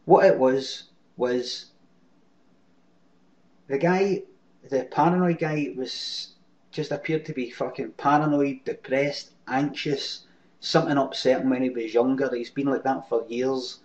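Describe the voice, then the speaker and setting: A man's voice: medium pitch, steady tone, a little slow. A man with a Glaswegian Scottish accent telling a rambling, sweary story to his webcam audience and answering viewer comments. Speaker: webcam show host. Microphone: webcam mic. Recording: lo-fi webcam recording.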